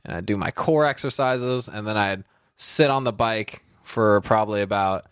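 A man's voice: lowish voice, normal speed, clean tone, dry recording, clean studio sound. A man telling rambling, self-deprecating stories in a casual chat, as a podcast co-host.

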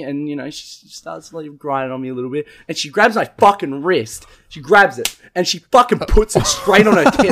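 A man's voice: high voice, expressive, brisk, hardly any pauses, fairly bright tone. A young man telling a crude story to friends, joking and laughing. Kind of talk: casual storytelling chat.

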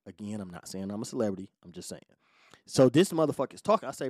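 Guy ranting on his own podcast, profane, calm then blowing up, dry close mic. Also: mid-range voice, fast, no room sound. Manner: heated, profane storytelling, swings from calm to shouting. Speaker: podcast host. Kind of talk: solo podcast monologue.

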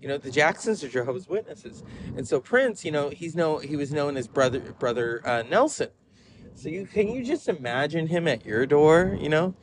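A man hosting a podcast, telling rambling stories in an animated way with frequent laughs. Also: on the high side, moderate pace, background noise. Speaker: podcast host. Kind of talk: casual rambling monologue.

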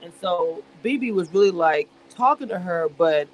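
A man's voice: high-pitched, normal speed, few pauses, rough recording. A man casually recapping a reality show on a livestream, telling it animatedly with playful slang and acting out what people said. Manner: animated storytelling, dramatic voicing of quotes. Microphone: livestream webcam mic.

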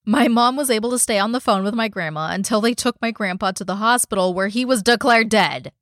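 A young woman co-hosts a casual podcast in a dry, close-miked sound. She reads listener stories aloud at a medium pitch and breaks in with blunt asides and swearing. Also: a little fast, fairly bright tone, no echo. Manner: blunt, swears freely, interrupts her own reading with reactions. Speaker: podcast co-host.

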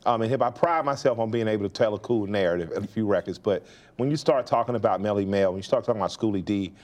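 A man's voice: on the low side, fast, a little mellow. A man interviewing a guest in a casual talk, encouraging with frequent yeahs and asking reflective questions. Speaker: interviewer, rapper.

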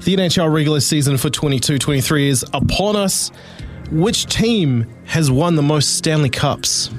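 A man hosting a sports radio quiz, brisk and upbeat as he reads out questions. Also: on the high side, faint music behind.

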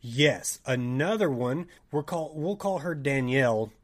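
A young man with a Tennessee accent, telling a story in casual podcast chat, animated and laughing, swearing and acting out quoted dialogue. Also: mid-range voice, measured pace. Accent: Southern US, Tennessee. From Tennessee, USA. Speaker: podcast co-host.

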